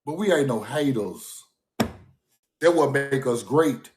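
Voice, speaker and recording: A man's voice: medium pitch, lively intonation, takes it slowly, a little mellow, roomy sound, slight background noise. A man talking off the cuff on a livestream, emphatic and repeating himself, often breaking into laughter. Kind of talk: casual livestream monologue. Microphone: phone or streaming mic.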